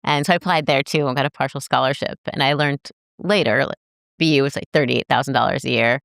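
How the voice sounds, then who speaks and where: A woman in her forties tells her life story in a relaxed interview, chatty and animated. She slips in quoted thoughts of her younger self. Her voice is smooth and clear, recorded close and dry with no room sound. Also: a bass voice, fast, no echo. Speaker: podcast guest; journalist. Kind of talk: casual interview chat.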